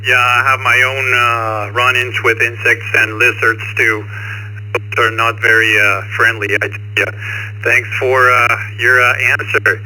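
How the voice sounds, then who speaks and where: A man runs an amateur radio check-in, tossing out fun questions in a friendly, chatty way. His tone is very bright and sharp, and he fills gaps with easy "uh"s. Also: mid-range voice, little pitch movement, a little slow, poor audio. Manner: friendly, jokey, chatty with fillers. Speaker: net control host. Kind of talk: amateur radio net chat.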